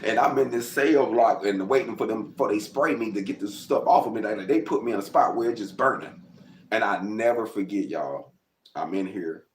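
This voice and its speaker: A man's voice: on the low side, moderate pace, roomy sound. A man telling his own life story in a conversational, rambling way, often calling his listeners "y'all.". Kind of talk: personal storytelling monologue.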